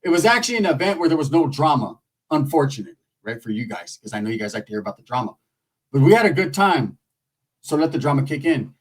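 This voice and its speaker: A man's voice: a little high, very animated, quick pace, distant mic, rough recording. A man from San Jose, California telling a long story in a profane, streetwise, rambling manner. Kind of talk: casual storytelling.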